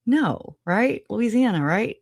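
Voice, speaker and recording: Slow-talking woman streamer. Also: a little high, animated, a little mellow, no echo, clean studio sound. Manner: chatty, laughs often, frank and exasperated. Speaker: livestream host. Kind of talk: casual livestream chat, greeting viewers by name.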